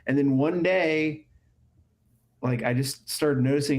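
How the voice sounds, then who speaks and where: A man's voice: fairly high pitch, a little slow. A man with a stuffy, congested voice co-hosts a live stream. He talks in an easygoing way and slips in crude jokes. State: congested from a cold. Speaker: co-host of a live show. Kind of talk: casual live-stream chat.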